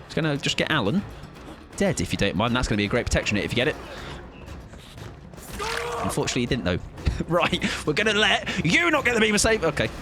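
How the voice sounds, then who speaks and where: A man's voice: on the high side, big pitch swings, quick pace, pauses often, music in the background. A man chatting casually and joking through a gaming stream, swearing freely and mocking himself.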